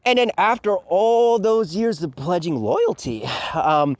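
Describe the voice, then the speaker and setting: A man's voice: sits high, very animated, measured pace, dry recording. A man giving a profane, ranting review commentary full of fillers and laughs.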